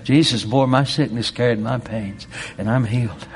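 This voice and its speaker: A man preaching a sermon with fervor, swinging from loud exclamations to hushed storytelling. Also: medium pitch, normal speed, slight background noise.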